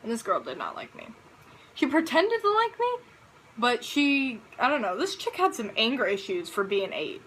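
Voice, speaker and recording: A teenage girl with a high voice talks straight to her camera as a casual vlogger. Her pitch swings all over as she tells a story. She sounds dramatic and full of exclamations. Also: wildly swooping pitch, normal speed, a bit bright, breathy edge, rough recording. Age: teens.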